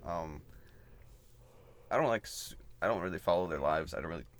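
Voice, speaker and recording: A young man co-hosting a casual podcast, laid-back and laughing along, with lively intonation. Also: low-pitched, a little fast. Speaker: podcast co-host. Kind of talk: casual chat.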